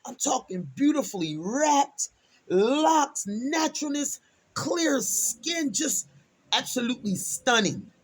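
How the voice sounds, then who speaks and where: A woman's voice: high-pitched, slow, breathy edge. A middle-aged woman from Delaware, telling a personal story in a casual, chatty vlog style, acting out what people said with emphatic exclamations. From Delaware, USA. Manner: animated, chatty, acts out quotes with emphatic exclamations. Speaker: storytime vlogger.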